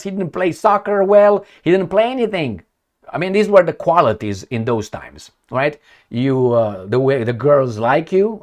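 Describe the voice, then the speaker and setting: A man giving casual commentary on the news, blunt, rambling and sarcastic, with some swearing. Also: mid-range voice.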